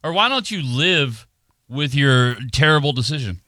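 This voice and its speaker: Man, mid pitch, loose slangy talk-show banter, dry recording. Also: expressive, normal speed, sharp tone, dry recording. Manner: loose slangy rambling, lots of fillers. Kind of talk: casual banter.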